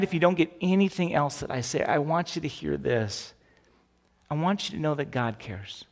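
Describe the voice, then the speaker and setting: A man's voice: on the high side, in a large hall. Conversational man preaching a sermon. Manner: conversational, animated preaching with rhetorical questions. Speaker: pastor.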